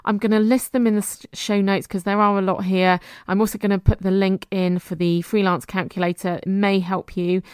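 A woman's voice: mid-range voice, darkish tone, dry recording, studio quality. A woman hosting a motivational business podcast, encouraging her listeners in short, punchy, repeated phrases and laughing lightly between points. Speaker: podcast host and business coach.

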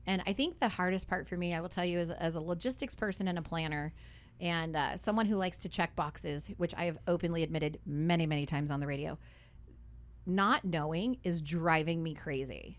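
A woman's voice: on the low side, brisk. A young woman hosting a radio talk show in a studio, upbeat and chatty, full of fillers and tag questions.

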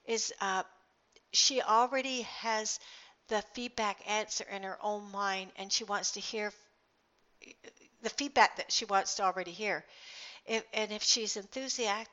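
A woman's voice: mid-range voice, steady tone, unhurried, bright, forceful tone. A middle-aged woman sharing personal reflections in a casual, earnest, rambling monologue. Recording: dull lo-fi recording.

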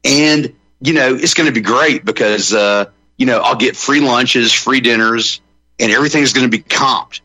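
A man's voice: mid-range voice, normal speed, pushed and bright, no echo, rough recording. A man who is a comedian guest on a radio talk show, joking in a rambling way with many fillers.

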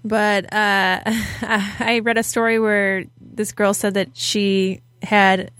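A woman co-host telling stories on a podcast in a chatty, giggly way. Her voice sits at a middle pitch. The recording is close and dry. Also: little pitch movement, takes it slowly, fairly bright tone, dry recording. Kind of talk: casual chat.

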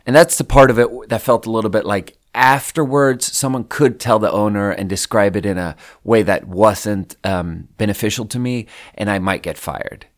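A man's voice: lowish voice, moderate pace, few pauses. A man hosting a podcast who tells a rambling, profane story in a casual way. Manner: rambling and profane, with frequent fillers. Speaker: podcast host.

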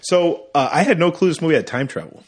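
A man co-hosting a casual movie review podcast, rambling through the plot and now and then slipping into quick silly voices for the characters. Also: a little high, lively intonation. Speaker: podcast co-host.

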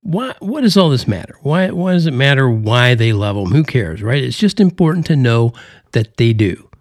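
A man's voice: mid-range voice, very animated, normal speed, no room sound, studio quality. A man hosting a podcast, talking in a folksy, rambling and joking way with a put-on Southern drawl. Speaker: podcast host. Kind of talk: folksy casual monologue.

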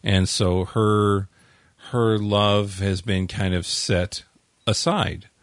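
A man co-hosting a podcast, talking through a TV episode in a halting, relaxed way and often trailing off mid-sentence. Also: fairly low pitch, no room sound, clean studio sound. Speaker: podcast co-host. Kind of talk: casual chat recapping a TV episode.

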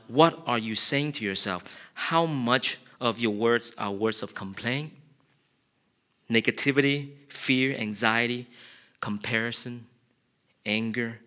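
A man preaching an earnest, confessional sermon. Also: medium pitch. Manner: earnest, confessional, builds to loud passionate shouting. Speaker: pastor.

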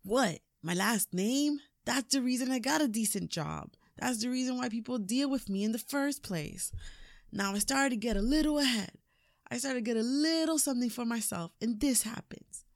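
A woman's voice: fairly high pitch, normal speed, dry recording, studio quality, pitched above the performer's own voice, close to an everyday voice. A woman voicing a resentful young man, a grown son pleading and accusing in a retold film scene. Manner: pleading, rising to accusing outbursts.

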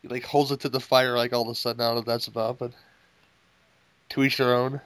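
A man's voice: mid-range voice, little pitch movement, quick pace, a bit bright, no echo, poor audio. A man co-hosting a movie commentary podcast, making crude jokes in casual running chatter over the film. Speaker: podcast co-host.

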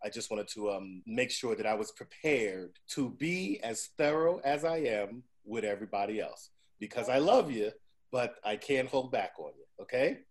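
A podcast host, a man in his forties, shares stories in an easygoing chat, swearing often and punctuating with "right?" His mid-range voice swings widely in pitch at a normal speed.

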